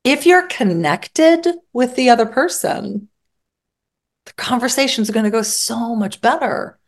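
Expressive woman therapist guest. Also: on the high side, a little slow. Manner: expressive, acts out examples vividly. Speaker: psychotherapist guest. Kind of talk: interview conversation.

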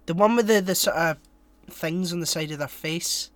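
A man's voice: a little high, normal speed, noisy background. A man co-hosting a podcast in casual chat, joking at his own expense and swearing casually, with a sore, coughing throat. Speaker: podcast co-host.

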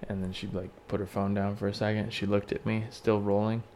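A man co-hosting a podcast, telling an animated, swearing story in casual chat and shouting the lines he quotes. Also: fairly low pitch, brisk, slight background noise. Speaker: podcast co-host.

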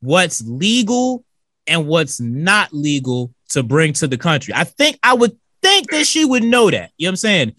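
A man's voice: on the high side, very animated, unhurried, sharp tone. A man co-hosting a radio talk show in a studio, loose and slangy, cursing freely. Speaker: radio co-host.

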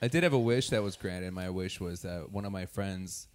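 A man co-hosting a podcast in casual chat, teasing his friends with quick comebacks. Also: low voice, darkish tone. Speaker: podcast co-host.

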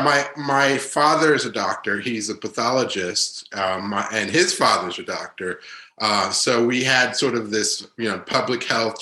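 A middle-aged male doctor, born in Haiti and raised in New York, answering interview questions in a halting, thoughtful way with many pauses. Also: on the low side, pushed and bright, roomy sound, rough recording. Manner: halting, thoughtful, full of uhs. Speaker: physician guest.

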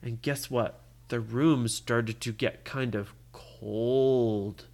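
Storyteller making up a bedtime tale, animated, always asking "guess what". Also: mid-range voice, very slow. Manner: animated, keeps quizzing the listener. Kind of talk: improvised bedtime story for a child.

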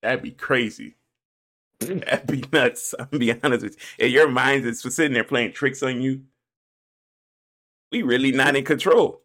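A man's voice: medium pitch, moderate pace, pauses often, fairly bright tone. A man co-hosting a casual in-person podcast, laughing often and acting out little skits in put-on voices. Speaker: podcast co-host. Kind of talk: casual chat. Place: in-person studio conversation.

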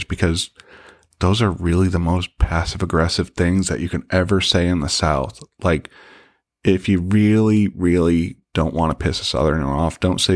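A middle-aged man with a very low voice hosts his own podcast and tells a personal story casually. He is candid and joking and swears freely. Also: fairly even intonation, moderate pace. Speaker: podcast host.

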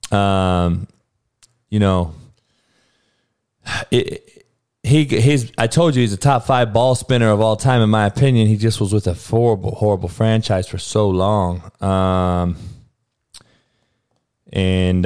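A man's voice: lowish voice, steady tone, takes it slowly, long pauses, darkish tone, smooth. A man hosting a podcast, ranting about sports in a blunt, combative, heavily profane way and repeating his points for emphasis. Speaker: podcast host. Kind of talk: sports commentary rant.

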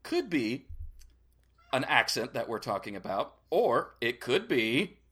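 Bright-voiced joking man. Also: medium pitch, very animated, slow, breathy edge. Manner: jokey, mock-serious. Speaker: podcast co-host. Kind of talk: casual comedic chat.

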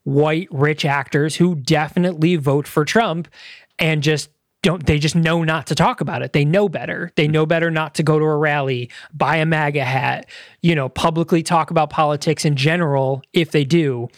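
Higher-pitched man rambling in casual podcast chat. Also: fairly even intonation, moderate pace, no echo, studio quality. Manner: rambling, loose, lots of fillers and restarts. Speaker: podcast co-host. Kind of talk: casual movie review chat.

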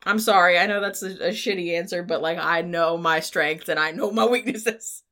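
A woman's voice: fairly low pitch, moderate pace, sharp tone. A woman in her thirties, a podcast cohost in casual chat, blunt and wry with frequent swearing. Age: 30s.

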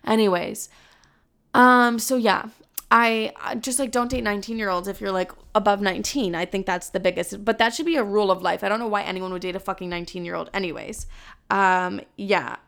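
A woman's voice: medium pitch, a little fast, creaky, a bit bright. A woman in her twenties chatting candidly as a vlogger, full of filler words and casual swearing. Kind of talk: casual chat.

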